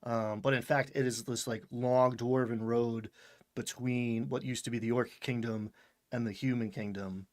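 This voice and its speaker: A man's voice: medium pitch, fairly even intonation, normal speed. A man hosting a casual talk podcast, recapping an episode in a rambling, chatty way and laughing often. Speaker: podcast host recapping a show. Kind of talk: casual chat.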